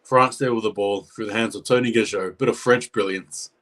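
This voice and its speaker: A man's voice: on the low side, fairly quick. A man giving chatty live reaction commentary on a rugby league match, talking to his viewers. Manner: chatty, excitable, talks to viewers.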